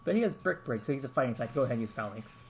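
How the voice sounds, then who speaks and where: A man's voice: medium pitch, rapid-fire, faint music behind. A man hosting a game stream in a casual, joking chat with viewers. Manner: lively, joking, talks to chat.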